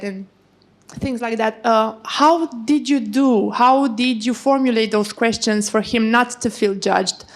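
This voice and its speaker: A woman's voice: fairly high pitch, slow. A woman from the audience asks a question, polite and hesitant, with many fillers. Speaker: audience member asking a question.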